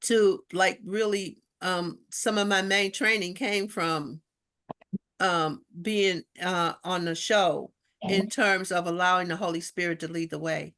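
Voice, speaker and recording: A woman's voice: fairly low pitch, a little slow. A woman, a guest minister, chatting casually with slangy, spiritual talk and acting out the voices of people in her stories. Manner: animated storyteller, acts out quoted voices. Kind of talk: casual chat.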